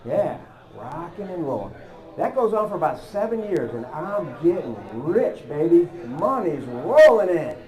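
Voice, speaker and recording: High-voiced man telling a lively story. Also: unhurried. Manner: animated, acts out both sides of phone calls. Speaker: public speaker. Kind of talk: storytelling presentation.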